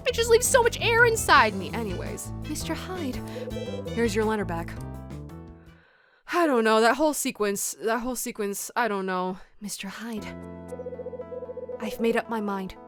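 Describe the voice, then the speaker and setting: A bubbly woman chats her way through a video game, expressive and chatty, in a slightly high voice. Game music plays clearly under her talk. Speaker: let's play streamer. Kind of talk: casual game commentary.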